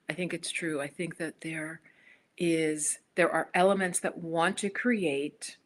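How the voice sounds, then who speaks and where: A middle-aged American woman chatting casually on her own livestream, rambling with restarts and fillers. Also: lowish voice. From United States. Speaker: spiritual YouTuber.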